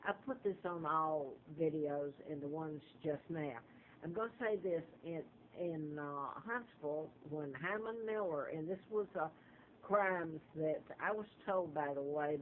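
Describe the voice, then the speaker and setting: Older woman in a vlog monologue, digressive and full of restarts; thin lo-fi audio, faint hiss. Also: deep voice. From Alabama, US. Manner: digressive, halting, many fillers and restarts. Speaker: vlogger. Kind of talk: rambling personal monologue. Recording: tinny lo-fi phone-like audio with faint noise.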